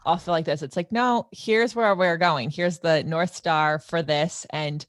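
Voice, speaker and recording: A woman with a fairly low voice hosts a podcast, chatty and affirming, quick to agree with her guest. The sound is close and dry, with no room in it. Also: no echo. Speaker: podcast host. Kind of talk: casual interview conversation.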